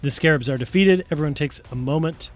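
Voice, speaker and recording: A man's voice: fairly high pitch, quick pace, faint music behind. A man narrating as game master of a tabletop game, playful and often laughing as he describes the action.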